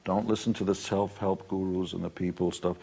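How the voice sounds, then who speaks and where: A man's voice: deep voice, flat delivery, a little fast, gravelly, warm tone, husky. An older man telling stories as a motivational speaker, blunt and boastful. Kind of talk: storytelling talk.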